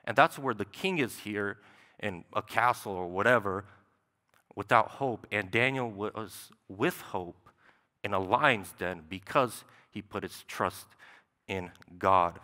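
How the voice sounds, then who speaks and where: A man's voice: lowish voice, takes it slowly, pushed and bright. Young male preacher in a reverberant hall. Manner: conversational, with frequent "right?" asides. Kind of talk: sermon. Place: church sanctuary. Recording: long church hall reverb.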